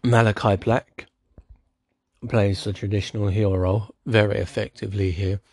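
A man's voice: on the low side, little pitch movement, moderate pace, darkish tone, dry recording. A man giving a casual spoken recap of a wrestling show, with dry, sarcastic asides.

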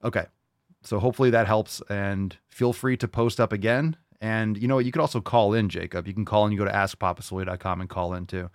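A man's voice: on the low side, fairly even intonation, fast talker, no room sound, clean studio sound. A man hosting a fitness podcast, coaching listeners in a blunt, joking, profane casual chat.

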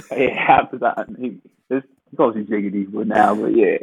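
A man in his twenties in a casual chat, telling stories in a relaxed way and laughing along. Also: on the low side, normal speed, vocal fry, breathy edge, no echo. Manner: relaxed storytelling with laughter and voiced quotes. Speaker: podcast co-host. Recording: thin phone-like line.

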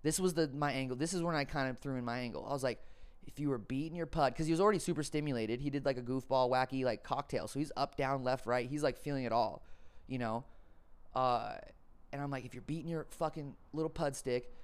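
Smooth-voiced man rambling profanely. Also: medium pitch, fast talker. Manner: profane, rambling, jokey, acts out quotes. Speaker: podcast host. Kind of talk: casual storytelling monologue.

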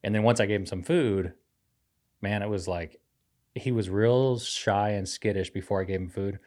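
Low-voiced pastor telling a rambling story. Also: male voice, moderate pace, a little mellow. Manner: rambling storyteller, self-teasing, laughs often. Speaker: pastor, podcast co-host. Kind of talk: casual chat.

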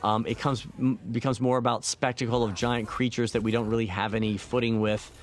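A man, a film director, talking through his movie in a relaxed, reflective audio commentary, with many fillers and restarts. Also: mid-range voice, a little fast. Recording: faint film soundtrack music underneath.

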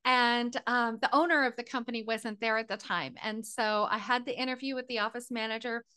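Middle-aged lady guest on a podcast, high bright voice, emotional storytelling. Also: a little fast, clear, resonant tone. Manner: animated, emotional storytelling, near tears. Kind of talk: personal storytelling interview.

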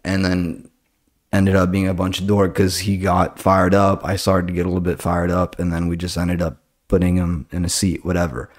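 A man's voice: low-pitched, completely flat delivery, moderate pace. A young man who hosts a podcast, chatting casually and telling stories from his work at a comedy club, swearing freely and acting out both sides of arguments. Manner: laid-back, swears a lot, retells arguments in quoted voices. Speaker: podcast host and comedy club door staff. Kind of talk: casual chat.

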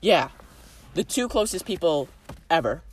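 A woman's voice: fairly low pitch, expressive, a little slow, slightly rough. A young woman co-hosting a casual podcast with a friend, goofy and jokey, full of fillers and pop-culture references. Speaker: podcast co-host. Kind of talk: casual chat between friends.

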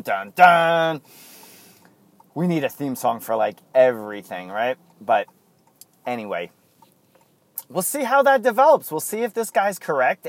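Male sports talk host, slow easygoing delivery, rambling with self-corrections and frequent chuckles. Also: mid-range voice, no echo.

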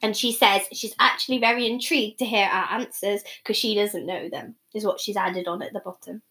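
A woman's voice: mid-range voice, steady tone, fairly quick, sharp tone, reverberant. A young woman co-hosting a casual chat podcast, rambling and giggling. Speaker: podcast co-host.

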